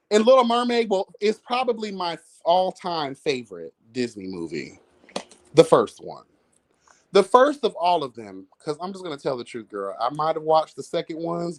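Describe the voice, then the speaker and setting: Sassy chatty livestream gossip host. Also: medium pitch. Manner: sassy, chatty, calls listeners girl and honey; breaks into bits of song and laughs. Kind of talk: casual gossip commentary. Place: home, with cats.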